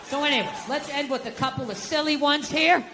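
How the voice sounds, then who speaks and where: A man's voice: very high-pitched, a little fast, long reverb tail, a loud crowd, heavy background noise. A middle-aged American man doing stand-up comedy, ranting profanely in an exasperated way and acting out quotes.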